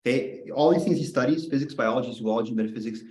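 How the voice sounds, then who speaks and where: Male teacher, playful and chatty, mid-pitched voice, roomy classroom echo. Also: racing, warm tone. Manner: playful, joking, chatty asides. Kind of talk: classroom lecture.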